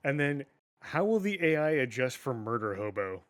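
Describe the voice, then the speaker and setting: A man's voice: mid-range voice, very animated, moderate pace, fairly bright tone. A man co-hosting a casual gaming news podcast, ranting with lots of swearing and frequent laughs. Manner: profane, ranting, laughs often. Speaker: podcast co-host.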